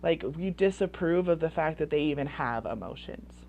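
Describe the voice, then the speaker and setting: A woman's voice: sits low, expressive, moderate pace, creaky, highs cut off, a little hiss or hum. A woman coaching parents in casual advice talk, chatty and full of "like" fillers. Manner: chatty, heavy use of "like" fillers.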